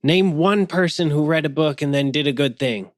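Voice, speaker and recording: A man's voice: on the high side, normal speed, no room sound, studio quality. A man playing in a tabletop game, trading wry, joking banter. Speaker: player. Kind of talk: casual chat at the gaming table.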